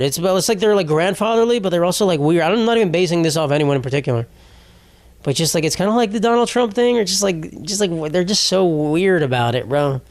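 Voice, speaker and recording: Expressive and fast-talking, a young podcast host in his twenties speaks in a fairly high voice with no echo. His comedy monologue rambles, swears heavily, and restarts frequently.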